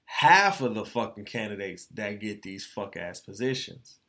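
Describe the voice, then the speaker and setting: A man's voice: lowish voice, animated, slow pace, bright, forceful tone. A young adult man hosting his own podcast, speaking in a candid, profane, emotional monologue and repeating phrases as he vents. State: tearful. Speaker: podcast host.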